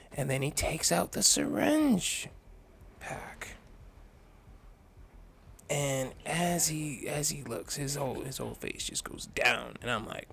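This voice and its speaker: A man's voice: medium pitch, lively intonation, a little slow, creaky, pauses often, a little hiss or hum. A man vlogging an angry, profane rant about a bad customer experience, telling the story in a heated, exasperated way.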